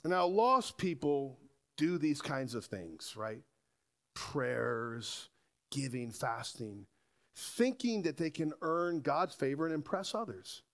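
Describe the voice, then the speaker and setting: Lively animated male preacher. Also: a little high, slow pace. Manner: animated preaching, rhetorical questions to the congregation. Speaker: pastor. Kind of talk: sermon.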